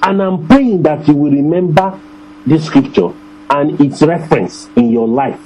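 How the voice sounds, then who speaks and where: A man preaching a sermon, his voice mellow and fairly high for a man. He swings his pitch widely, repeating phrases and slowing right down to stress the verses. A faint hum sits underneath. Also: animated, low-quality recording. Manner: emphatic preaching, repeats phrases, slows on scripture.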